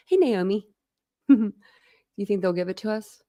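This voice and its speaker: A woman's voice: medium pitch, lively intonation, normal speed, long pauses, warm tone, no room sound, studio quality. A woman hosting a casual true crime livestream, chatting and greeting her viewers by name. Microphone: webcam setup at a desk.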